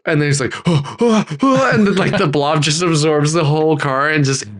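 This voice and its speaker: A man's voice: a little high, fairly quick. A man co-hosting a podcast, thinking aloud through a story idea in casual chat and acting out characters' lines. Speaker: podcast co-host.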